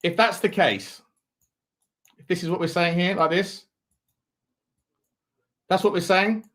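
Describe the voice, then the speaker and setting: A man's voice: high-pitched, fairly even intonation, takes it slowly, fairly bright tone. A man hosting a live football watch-along, chatting in a rambling way and reading out viewer messages. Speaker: host.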